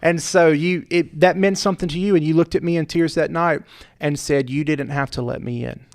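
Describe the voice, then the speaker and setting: A middle-aged pastor who hosts a podcast talks earnestly in a heartfelt conversation, repeating points with preacherly emphasis. His voice is fairly high and steady in tone, and he speaks fairly quickly.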